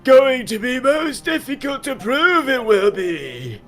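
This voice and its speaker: A man voicing a pompous old ambassador and former army officer in an improvised game dub, speaking in inverted, halting phrases. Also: extremely high pitch, big pitch swings, fairly bright tone, faint music behind, exaggerated voice. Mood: scheming.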